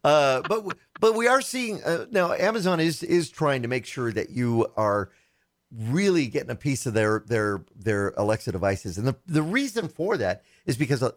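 He's the talkative co-host of a tech podcast, joking at his partner's expense and quick to laugh while his pitch moves up and down. It's relaxed podcast banter, captured close-up in a dry recording with no surrounding room.

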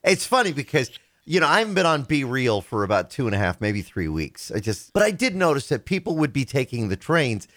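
A man's voice: medium pitch, fairly quick, hardly any pauses, no room sound, clean studio sound. A man hosting a casual chat, reacting often and asking questions. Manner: lively, reactive interjections.

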